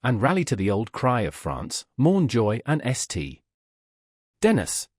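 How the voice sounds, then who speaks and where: A man's voice: mid-range voice, wildly swooping pitch, measured pace, breathy edge, no room sound, studio quality, heavily acted. A man voicing an embattled king rallying his troops, in a commanding, urgent way.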